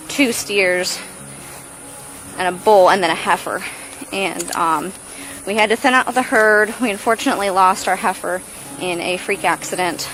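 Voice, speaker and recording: A woman's voice: fairly bright tone, poor audio. Gal walking her farm, kinda breathless, music over it. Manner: coos in a high baby voice to the animals. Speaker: farm owner giving a tour. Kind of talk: casual walking farm tour. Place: outdoors on a farm pasture.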